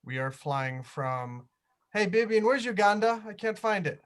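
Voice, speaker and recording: A man's voice: sits high, expressive, measured pace, fairly bright tone. A man hosting a virtual tour over a video call, chatty and jokey. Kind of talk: casual chat on a video call.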